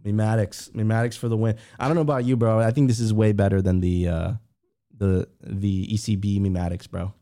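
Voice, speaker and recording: A man's voice: lowish voice, fairly even intonation, fairly quick, dark tone. A man co-hosting a podcast, chatting in a laid-back casual way and calling his co-host "bro". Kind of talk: casual chat.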